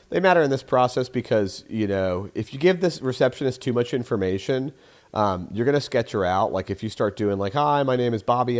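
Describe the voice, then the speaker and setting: A man's voice: on the low side, darkish tone. A young adult man hosting a show, giving casual sales advice in a rambling, profane way and acting out phone calls in voices. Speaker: sales trainer and host.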